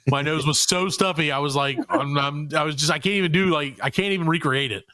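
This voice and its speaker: A man's voice: fairly high pitch, quick pace, few pauses, dry recording, clean studio sound. A man in his thirties, a podcast co-host, joking around in casual comedy chat. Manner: joking, lively, playful. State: stuffy nose.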